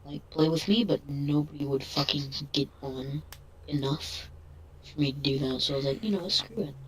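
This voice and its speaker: A man's voice: fairly high pitch, normal speed, noisy background. A man chatting casually on an online voice call, crude and sarcastic. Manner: crude, sarcastic, flat delivery. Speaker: guest.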